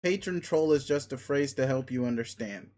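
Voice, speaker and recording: A man's voice: mid-range voice, normal speed, mellow, close to an everyday voice. A man reading a webcomic aloud, voicing an arrogant, crude young male alien who talks in a pushy, sneering, blunt way. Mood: domineering.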